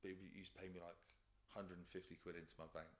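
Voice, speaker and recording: A man's voice: low voice, flat delivery, quick pace. A young man from England, telling work stories as a podcast guest in slangy, sweary casual chat. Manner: storytelling with quoted voices, slangy and sweary.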